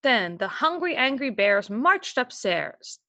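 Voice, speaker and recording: Slow, patient woman teaching reading. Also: on the high side, big pitch swings, sharp tone. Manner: patient, explanatory, asks the listener questions. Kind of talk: reading lesson, read-aloud with commentary.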